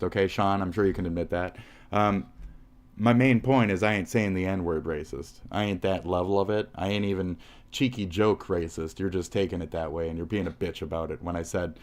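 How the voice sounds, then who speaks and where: Deep-voiced man ranting angrily. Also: brisk. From United States. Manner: profane, rambling, combative. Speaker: live streamer. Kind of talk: angry live-stream rant.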